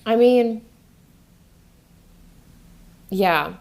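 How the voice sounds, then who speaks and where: A woman from Eastern Europe co-hosting a podcast, chatty and quick to laugh, with lots of fillers. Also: on the high side, creaky, background noise. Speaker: podcast co-host. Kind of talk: casual podcast chat.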